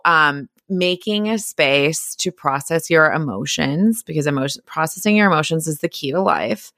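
A woman's voice: low-pitched, a bit bright, dry recording, studio quality. A woman in her thirties, a therapist guest on a podcast, talking casually and acting out little quotes as she goes. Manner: chatty, lots of "like", acts out quotes.

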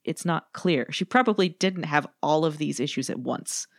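A woman co-hosting a podcast, explaining in a measured way and reading passages aloud. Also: sits low, expressive, dry recording, studio quality. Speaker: podcast co-host. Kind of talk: casual chat and reading quotes.

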